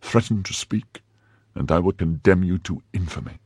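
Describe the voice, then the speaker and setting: A man's voice: sits low, expressive, normal speed, a little mellow, slightly rough, no echo, clean studio sound, heavily acted. A man reading the part of a cruel nobleman jailer who mocks and threatens his prisoner in an audiobook. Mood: menacing. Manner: mocking, then menacing.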